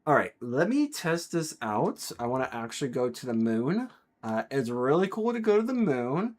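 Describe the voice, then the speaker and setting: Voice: mid-range voice, sing-song, moderate pace, a little mellow. A speaker from the United States, rambling in casual chat while streaming a game and laughing often.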